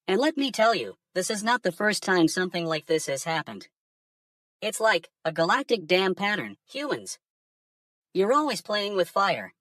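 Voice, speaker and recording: A woman's voice: lowish voice, a bit bright, no room sound, clean studio sound, recorded from a distance. A woman voicing a crude alien conspiracy theorist who talks down to humans in a profane, mocking rant. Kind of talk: AI-generated news segment.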